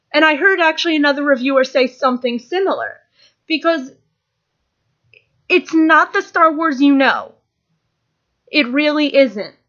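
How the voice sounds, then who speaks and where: A woman's voice: high voice, fairly bright tone, dull audio. A young woman giving a casual, rambling, enthusiastic spoken film review, often restarting her sentences. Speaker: movie reviewer.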